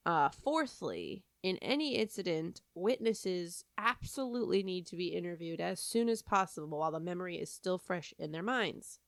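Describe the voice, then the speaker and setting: A woman with a somewhat low voice tells a story as a podcast co-host, chatty and self-deprecating, with plenty of ums and likes. The sound is dry and close, with no room echo. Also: lively intonation, moderate pace, hardly any pauses.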